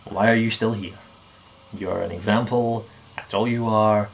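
A creaky, low-leaning male voice with fairly even intonation moves at a measured pace, a bit of hiss or hum underneath. It belongs to a video blogger playing himself and his clone in an improvised, rambling, self-mocking sitting-room skit, filmed on a camera resting on a TV unit.

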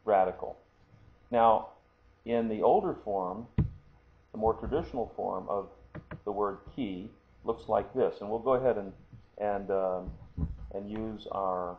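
A man teaching a lesson, explaining patiently and often checking in with the listener. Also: on the low side. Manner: patient, explanatory, frequent "okay?" check-ins. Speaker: martial arts instructor. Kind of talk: screen-recorded lesson. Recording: tinny phone-like audio, faint hiss.

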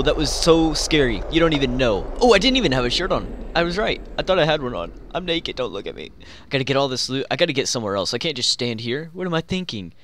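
A young man giving excitable, joking commentary while playing a game, talking to himself and the players around him. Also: a little high, fast, slight background noise. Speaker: gaming YouTuber. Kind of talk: live Minecraft gameplay commentary.

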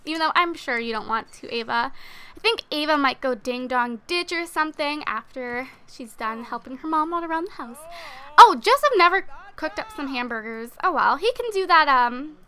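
Bright, chatty young woman gamer. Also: high-pitched, expressive, normal speed. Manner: chatty, full of fillers. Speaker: let's play host. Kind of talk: casual gameplay commentary.

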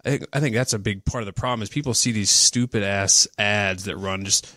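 A man's voice: lowish voice, fairly even intonation, brisk, hardly any pauses, pushed and bright, no echo, studio quality. A man co-hosting a podcast, blunt and casual in discussion. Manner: blunt, casual, a bit profane.

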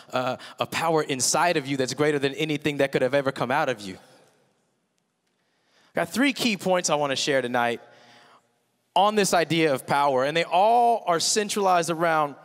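A man preaching in a big church auditorium, his voice carrying a long hall reverb. He sits a bit high for a man and tells stories with lively, humorous energy. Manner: animated, humorous storytelling. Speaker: pastor. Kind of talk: sermon.

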